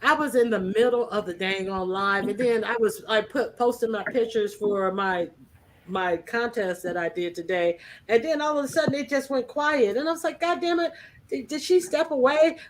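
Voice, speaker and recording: A woman hosts a loose livestream panel, chatty and quick to laugh, teasing the guests as she goes. Her pitch sits in the ordinary middle range for a woman. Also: a little hiss or hum. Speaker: livestream host. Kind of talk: casual panel chat.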